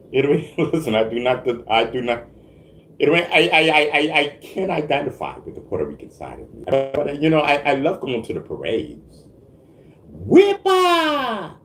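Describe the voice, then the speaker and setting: A man's voice: mid-range voice, big pitch swings, moderate pace. A man hosting a casual livestream, answering his chat with stammered restarts, frequent laughter and repeated check-ins with the viewers. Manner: stammering restarts, frequent laughs, keeps asking "you know what I mean".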